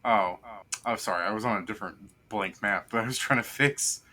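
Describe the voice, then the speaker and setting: A man's voice: fairly low pitch, fairly quick, pushed and bright. A man acting as game master, narrating a tabletop game casually and rambling with lots of fillers.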